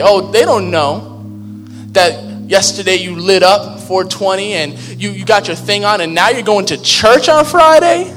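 Preaching a sermon, a high-pitched pastor keeps things casual and joking, as if chatting, at a measured pace and with a slightly bright tone. Faint music plays beneath him, and his words echo with the long reverb of a big church hall.

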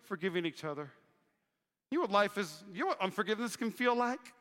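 A young man preaching a sermon, telling a story with animated swings from hushed lines to shouts. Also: high-pitched, quick pace. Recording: reverberant hall.

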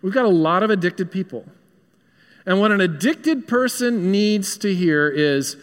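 A man's voice: high voice, lively intonation, measured pace, in a large hall. A man with a Southern US accent, a pastor preaching an earnest, conversational sermon in a church. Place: church sanctuary.

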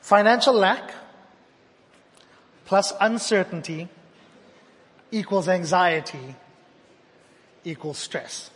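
A man with a high voice delivers a sermon, rising to loud repeated declarations and dropping to near-hushed lines. His voice rings with long reverb in a church hall. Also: slow pace, long pauses, slight background noise. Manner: dynamic delivery, swinging from loud emphatic repetition to hushed intimate tones. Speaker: preacher.

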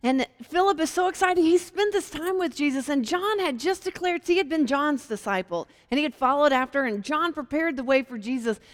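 A woman from Virginia teaching a Bible passage in a casual, animated way, acting out the quotes in lively voices. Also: sits high, brisk, few pauses, big-room sound. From Hampton, Virginia.

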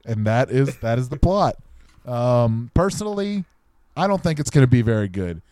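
A man's voice: medium pitch, big pitch swings, normal speed, a little mellow, no echo. A man co-hosting a comedy podcast who tells absurd, playful stories in casual banter. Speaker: podcast co-host. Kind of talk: improvised comedy chat.

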